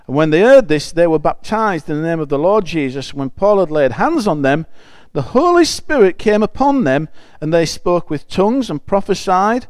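A man preaching with a high, smooth voice. He talks in a chatty, emphatic way as he reads scripture aloud and explains it. The sound is close and dry. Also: sing-song, moderate pace, hardly any pauses, no echo. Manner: chatty and emphatic, with frequent restarts. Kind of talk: conversational sermon with scripture reading.

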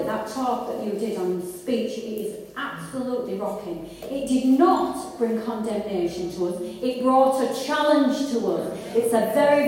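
A woman preaches to her congregation, earnest and chatty, and she often restarts her sentences. Her voice sits fairly high. It is heard from a distance in a large hall with long, echoing reverb. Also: a little mellow, a little hiss or hum. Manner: earnest and conversational, with restarts and rising fervour. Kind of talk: sermon. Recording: echoey hall, voice from far off.

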